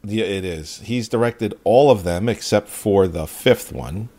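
A man co-hosting a casual movie review chat in a relaxed, matter-of-fact way. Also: lowish voice, a little slow. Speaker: podcast co-host.

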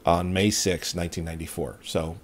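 Low-voiced man chatting about films. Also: level tone, fairly quick. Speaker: podcast co-host. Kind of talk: casual movie review chat.

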